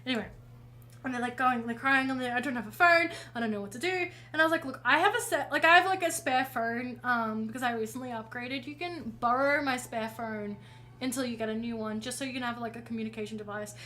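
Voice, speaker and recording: A woman's voice: fairly high pitch, a little fast, pushed and bright, low-quality recording. A woman streaming while painting, telling a rambling story in casual chat and often correcting herself. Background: faint music.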